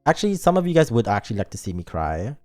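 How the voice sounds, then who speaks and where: A man chatting on a game stream in a silly, joking and rambling way. His pitch swings widely, and faint music plays behind him. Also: very animated, rapid-fire, darkish tone. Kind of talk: casual game stream chat.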